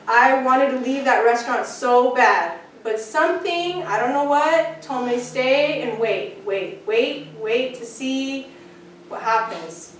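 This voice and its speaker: A woman with a high, bright-sounding voice shares her personal testimony in a church, earnest and emotional as she tells her story. She stands well back from the microphone, and her words ring through a very reverberant hall over a faint room hum. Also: lively intonation, measured pace. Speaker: church member giving testimony. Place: church sanctuary. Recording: echoey church hall, speaker far from mic.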